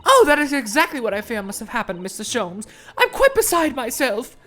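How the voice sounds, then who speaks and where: A woman's voice: fairly high pitch, wildly swooping pitch, fairly quick, a bit bright, faint music behind. A woman voicing a prim, anxious Victorian wife in a put-on accent halfway between Southern belle and British, reading game dialogue aloud. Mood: distraught. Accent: put-on mix of Southern belle and British. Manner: prim, fretful and overly formal. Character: anxious genteel Victorian wife, middle-aged.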